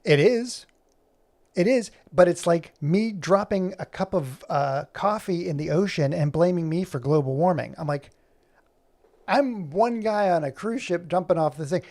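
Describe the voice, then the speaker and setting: A man's voice: sits high, animated, unhurried, darkish tone. A man ranting in casual chat while he works on animation, heated and rambling, swearing freely as he talks. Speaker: animator and streamer.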